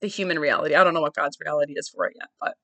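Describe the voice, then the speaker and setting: A woman's voice: sits low, fairly even intonation, very fast, sharp tone, no echo. Candid, searching woman talking to herself. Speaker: podcast host. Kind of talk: personal reflective monologue.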